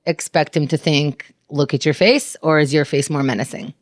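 A woman's voice: sits low, normal speed, dry recording, clean studio sound. A woman co-hosting a podcast, blunt and curious, who keeps asking pointed questions. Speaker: podcast co-host. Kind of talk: casual chat.

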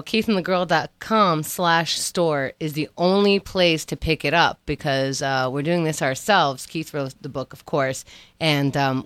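A woman with a low voice co-hosting a comedy podcast. She teases her co-host and gives quick store plugs. The recording is dry and close. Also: fairly bright tone, dry recording. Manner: teasing, plugs the store, laughs often. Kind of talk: casual comedic chat.

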